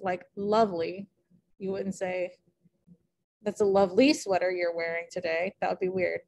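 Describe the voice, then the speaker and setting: Chatty woman teacher, full of fillers. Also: medium pitch. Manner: chatty, thinking aloud with many fillers. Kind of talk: casual recorded lecture.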